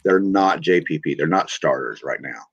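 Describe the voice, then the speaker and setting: A man joining a podcast as a guest, talking football in a halting, plainspoken way. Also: extremely low pitch, lively intonation, vocal fry, slightly rough, highs cut off. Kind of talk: casual football talk.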